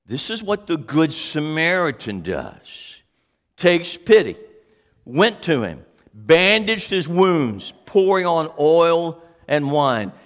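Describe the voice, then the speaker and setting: A man's voice: on the high side, big pitch swings, slow, big-room sound. A man preaching a sermon as pastor, speaking animatedly and putting questions to his congregation.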